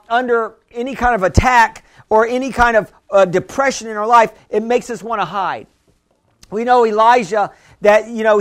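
A pastor preaching a conversational sermon, often restarting phrases and asking the congregation whether they hear him. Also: male voice, very high voice, fairly bright tone. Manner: conversational preaching with frequent restarts and call-and-response questions.

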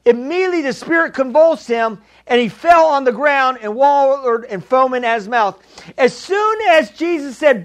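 A man preaching a sermon as pastor, emphatic and repetitive, calling out to the congregation. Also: very high voice. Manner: emphatic preaching, repeats key lines, calls to congregation.

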